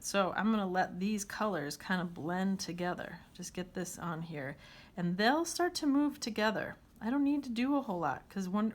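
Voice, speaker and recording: A woman teaching a watercolor demonstration, chatting and thinking aloud as she paints. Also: medium pitch.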